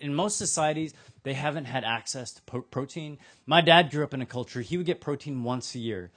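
A man preaching a sermon, retelling a parable with lively, acted-out voices. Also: mid-range voice, brisk, hardly any pauses. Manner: animated storytelling, acting out characters.

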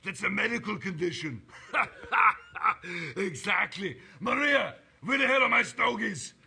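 A man impersonating a gruff bodybuilder action star with a heavy Austrian accent, barking and mocking. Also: high-pitched, expressive, measured pace, sharp tone, pitched above the performer's own voice, heavily acted. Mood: scornful.

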